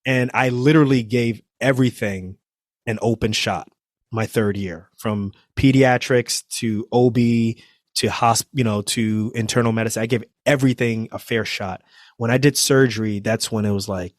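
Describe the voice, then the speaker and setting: A trauma surgeon from New Jersey appears as a podcast guest, telling his story and acting out what people said. His medium-pitched voice is fairly even at normal speed, and the clean, dry studio recording sounds a bit bright.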